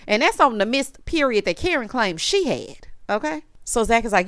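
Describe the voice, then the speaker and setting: A woman's voice: fairly high pitch, fairly quick, clear, resonant tone, no echo, studio quality. A woman recapping a TV episode in a sassy, chatty way, acting out the characters' lines as she goes. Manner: sassy, animated, acts out quotes. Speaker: recap vlogger. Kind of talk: casual TV recap.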